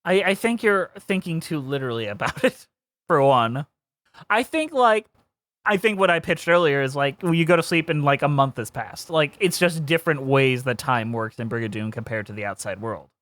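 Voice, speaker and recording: A woman co-hosting a podcast in casual chat, animated and opinionated, with quick asides and laughs. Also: deep voice, no echo, clean studio sound. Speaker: podcast co-host.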